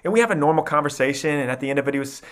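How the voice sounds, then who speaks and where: A man in his thirties from Iowa, telling his life story as a podcast guest in an animated, energetic way. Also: a little high, racing. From Iowa, USA. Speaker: podcast guest, mindset coach. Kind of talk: storytelling interview.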